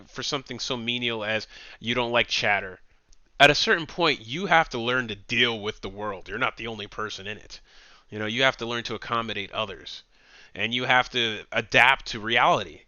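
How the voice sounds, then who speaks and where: A man streaming casual reaction commentary, animated and mocking, often laughing. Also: mid-range voice, normal speed, clear, resonant tone, no echo.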